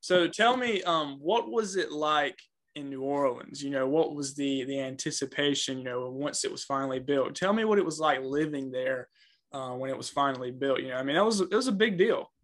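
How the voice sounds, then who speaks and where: A man's voice: medium pitch, moderate pace. A young man hosting a casual interview, asking questions hesitantly with many fillers. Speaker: podcast host.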